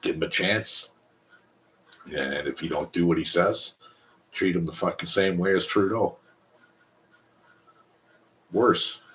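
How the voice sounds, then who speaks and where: Deep-voiced blunt man ranting on a live stream. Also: slow, long pauses, a bit bright. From Canada. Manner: blunt, profane, rambling. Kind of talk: casual live-stream chat.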